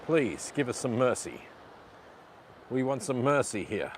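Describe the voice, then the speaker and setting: A man's voice: medium pitch, sing-song, measured pace. Aussie guy swearing at his camera gimbal outside, traffic and wind noise behind him, talks to his viewers. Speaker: vlogger. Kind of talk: live vlog while fixing a camera gimbal. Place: outdoors by the sea. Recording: outdoor noise with passing vehicles.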